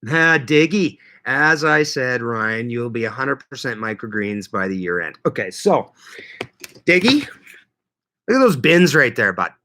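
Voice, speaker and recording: A man from Manitoba hosting a casual livestream, greeting viewers by name and chatting in a lively, laughing way. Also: medium pitch, a little slow. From Canada (Manitoba). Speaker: livestream host reading chat.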